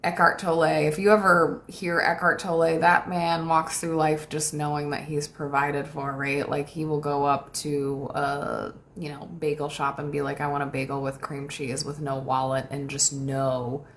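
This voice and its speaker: Chatty woman with a lowish voice. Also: level tone, a little slow, few pauses, slight background noise. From United States. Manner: warm, chatty, thanks viewers often, laughs lightly. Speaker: manifestation coach hosting a livestream. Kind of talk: casual livestream chat reading viewer comments.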